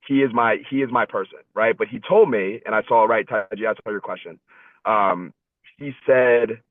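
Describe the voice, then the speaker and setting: A man's voice: mid-range voice, no echo. A young man in his twenties telling a personal story as a guest speaker over a video call, earnest and conversational, repeating words and often asking "right?". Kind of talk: storytelling in a webinar talk. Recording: thin phone-line sound, dry.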